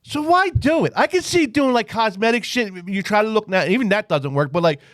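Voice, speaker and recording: A man co-hosting a podcast, ranting in an animated, exasperated way during casual chat. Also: high voice, brisk, no echo, studio quality. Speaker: podcast co-host.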